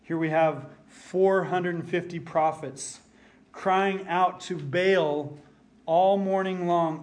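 Male preacher, slightly raised pitch, emphatic delivery that slows right down and goes quiet on key words. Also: steady tone. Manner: emphatic, slows down and drops to near silence for stress. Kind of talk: expository sermon with scripture reading.

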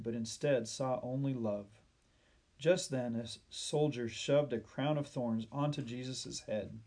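A male storyteller reads a children's tale at a gentle, measured pace. He lets the sad moments slow and soften. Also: mid-range voice. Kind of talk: children's Bible story reading.

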